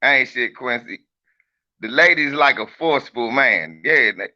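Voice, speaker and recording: Brash, bright-voiced man streaming. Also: mid-range voice, animated, normal speed, muffled recording. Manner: brash, profane, joking, teasing viewers. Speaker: livestreamer talking to viewers. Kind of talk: casual livestream chat.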